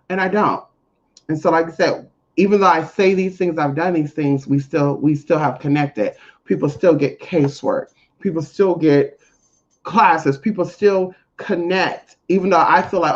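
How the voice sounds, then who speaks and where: Blunt, profane spiritual reader talking to viewers. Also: moderate pace. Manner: animated with big pitch swings. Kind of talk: casual monologue to viewers. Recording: dull lo-fi audio.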